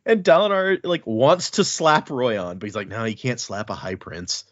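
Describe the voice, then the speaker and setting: A man's voice: medium pitch, dry recording. A man recapping a fantasy book chapter in casual podcast chat, acting out characters' lines as he goes. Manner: animated, acts out characters' lines in quick voices. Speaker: podcast co-host. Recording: dull dry podcast audio.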